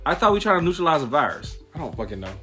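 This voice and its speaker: A man, ranting casually with lots of profanity and animated storytelling. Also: fairly high pitch, rapid-fire, slightly rough, soft background music. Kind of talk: casual rant.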